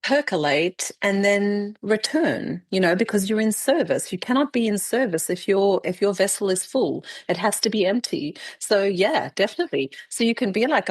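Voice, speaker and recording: Speaking at a moderate pace with few pauses, a middle-aged woman with a medium-pitched voice hosts a relaxed podcast conversation, recorded without echo. She animatedly recounts stories and acts out the exchanges she quotes, breaking into laughter, with plenty of restarts and repeated words.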